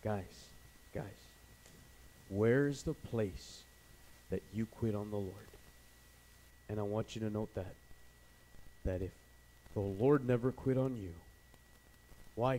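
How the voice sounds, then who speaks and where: Young male preacher, low voice, earnest storytelling sermon, faint room hiss. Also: slow, long pauses, low-quality recording. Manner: storytelling, voices his dad loudly, then quiet and earnest.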